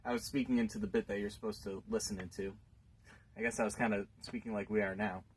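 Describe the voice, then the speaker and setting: A man's voice: fairly low pitch, fairly even intonation, fast talker, breathy edge, low-quality recording. An older man, rambling wryly to a stranger on a bus in a dry comic monologue. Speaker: bus passenger.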